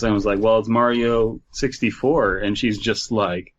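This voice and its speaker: A man's voice: fairly low pitch, steady tone, normal speed. A man co-hosting a podcast, telling stories in a rambling way with many fillers. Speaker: podcast co-host. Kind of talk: casual storytelling chat. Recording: dull lo-fi mic.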